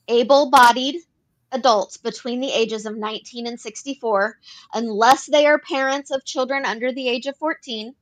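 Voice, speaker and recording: A woman co-hosting an advocacy talk show, explaining policy earnestly and repeating phrases as she works through points. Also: on the high side. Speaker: podcast co-host. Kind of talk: advocacy discussion.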